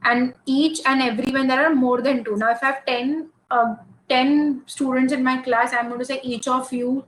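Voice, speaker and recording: Higher-voiced woman teaching grammar. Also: steady tone, normal speed, a little hiss or hum, rough recording. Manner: explains patiently with examples, checks in with "okay?". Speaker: English teacher. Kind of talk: classroom grammar lesson.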